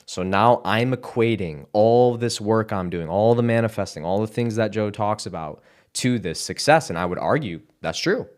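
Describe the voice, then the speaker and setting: A young man giving a halting, emotional personal testimony, close to tears, with casual fillers and sighs. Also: on the low side, expressive. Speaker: content creator sharing his testimony.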